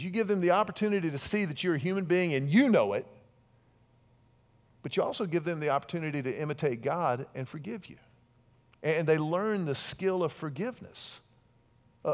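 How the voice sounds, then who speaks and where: A middle-aged man preaching a sermon in a conversational way, with asides and big swings between loud and soft. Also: on the high side. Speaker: pastor.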